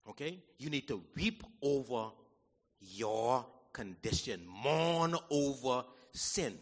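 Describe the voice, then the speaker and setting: A man preaching a sermon in a church hall, folksy and animated, swinging from shouts to low asides. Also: slow. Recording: long hall reverb.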